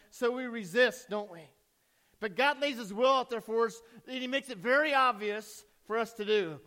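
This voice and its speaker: High-voiced male pastor preaching. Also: fairly bright tone. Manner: conversational, asks the congregation questions. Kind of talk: sermon with scripture reading and prayer. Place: church.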